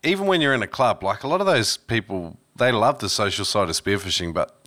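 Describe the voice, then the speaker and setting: A man's voice: on the low side, lively intonation, fairly quick, pushed and bright. A man hosting a casual chat, talking loosely and trailing off into restarts.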